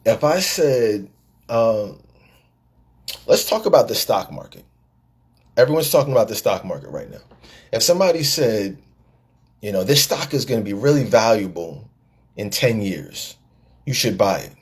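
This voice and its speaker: A man's voice: fairly low pitch, sing-song, normal speed, pauses often, husky. A middle-aged man, a podcast host and life coach, delivering a live-taped monologue in a preachy storytelling way, repeating words and acting out the people he quotes.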